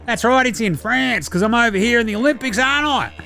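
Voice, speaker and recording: A man with an Australian accent voicing a brash, swearing young male basketballer in a comedic phoned-in sketch, loud and laddish. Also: very high-pitched, fast, vocal fry, voice pushed up, full character voice. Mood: rowdy.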